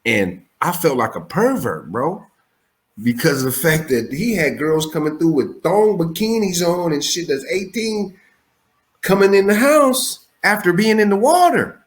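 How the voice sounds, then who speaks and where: A man in his forties, a comedian guest on a remote call, telling stories in a casual, profane way and jumping up in pitch when he quotes himself. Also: a little slow. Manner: animated, profane, jumps high for quoted lines. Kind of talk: casual storytelling interview.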